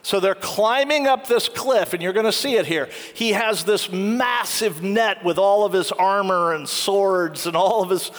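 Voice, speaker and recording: A man's voice: high-pitched, measured pace, few pauses, fairly bright tone. A man preaching a sermon, retelling a film story and acting out its quoted lines. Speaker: pastor. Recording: long hall reverb.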